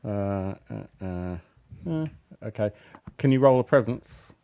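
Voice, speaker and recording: A man running a tabletop role-playing game as game master, relaxed and hesitant with many fillers. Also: on the low side, a little slow, clean tone. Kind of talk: running a tabletop game over a live stream.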